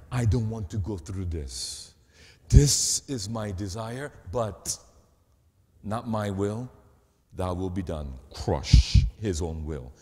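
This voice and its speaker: A man preaching a sermon, swinging between loud and hushed and checking in with his listeners through rhetorical questions. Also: medium pitch. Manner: asks the audience rhetorical questions. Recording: long hall reverb.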